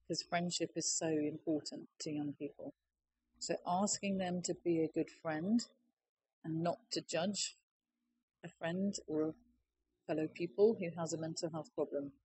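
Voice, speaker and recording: Low-voiced woman giving a talk. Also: mellow, slight background noise, poor audio. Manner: plain, persuasive, explaining with figures. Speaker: conference speaker. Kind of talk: conference presentation.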